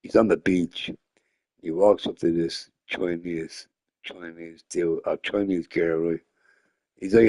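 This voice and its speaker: A man's voice: deep voice, steady tone, takes it slowly, warm tone. A drunk man rambling and joking crudely while streaming a game. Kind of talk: casual stream chat.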